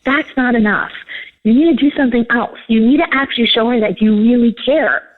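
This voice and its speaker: A woman's voice: a little high, brisk. A woman, a leadership coach, giving interview answers and telling stories with acted-out dialogue. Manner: animated storytelling, acts out quoted dialogue. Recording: tinny phone-like line.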